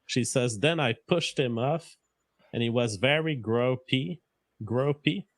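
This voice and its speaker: A man with a French accent slowly reading out and questioning a story in a played stream clip. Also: medium pitch, no room sound. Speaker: commentator. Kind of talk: played clip of a livestream monologue.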